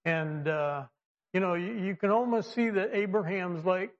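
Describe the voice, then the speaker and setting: A man with a high, slightly slow voice preaches a sermon conversationally, full of fillers and restarts, and lively as he acts out quoted voices. The setting seems to be a church or a classroom with slides, recorded with dull lo-fi sound.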